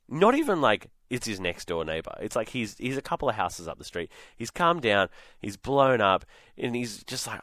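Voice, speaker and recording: A man with an Australian accent hosting a radio show in a chatty, animated way. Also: mid-range voice, moderate pace, dry recording. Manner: chatty, animated, acts out quotes. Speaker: radio host. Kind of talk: casual radio chat. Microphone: studio microphone.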